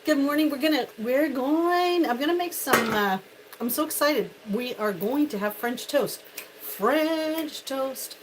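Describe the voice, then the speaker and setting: Older lady chatting away on her cooking stream, bubbly, slightly higher voice. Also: normal speed, noisy background. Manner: chatty, bubbly, greets viewers by name. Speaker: livestream host. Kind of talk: casual live-stream cooking chat. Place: home kitchen.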